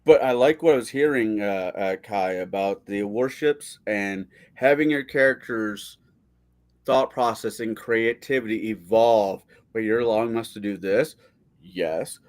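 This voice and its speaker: A man chatting on a casual stream as a guest, telling animated stories and swearing freely. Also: lowish voice, measured pace. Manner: animated storyteller, swears a lot.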